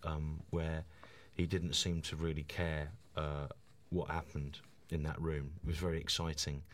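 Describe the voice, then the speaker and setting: A man in his forties, a stand-up comedian guesting on a radio chat, talking enthusiastically with halting restarts. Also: rumbling low, little pitch movement.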